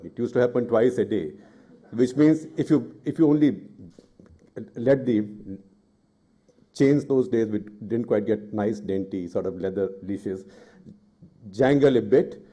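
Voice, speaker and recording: A middle-aged man from India, a journalist speaking on a panel, telling a story and then arguing with rising indignation. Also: medium pitch. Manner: forceful and indignant, rising in anger. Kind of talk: impassioned public talk.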